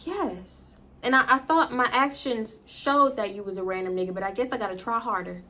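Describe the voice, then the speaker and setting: Bright-voiced woman telling a story. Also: a little high, normal speed. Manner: animated, blunt, profane, talks straight to viewers. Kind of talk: casual storytime vlog.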